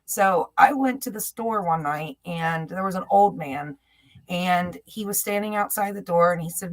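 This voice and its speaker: A woman's voice: lowish voice, moderate pace. A middle-aged woman co-hosting a casual chat, telling personal stories in a heartfelt way. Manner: heartfelt storytelling. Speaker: co-host.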